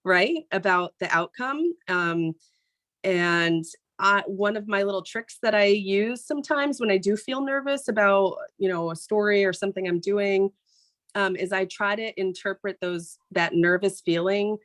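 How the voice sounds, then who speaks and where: A woman who reads the morning news on TV talks to a group in a relaxed, plain-spoken way. Her voice sits at an ordinary pitch for a woman. She speaks like a real person rather than a formal newsreader, and often checks in with "right?". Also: measured pace. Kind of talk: casual motivational talk to a group.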